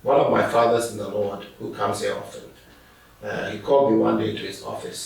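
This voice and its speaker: A man's voice: fairly low pitch, very animated, fairly quick, creaky, darkish tone. A middle-aged man, a pastor telling stories and laughing as he answers interview questions. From Ghana. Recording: echoey room, distant mic.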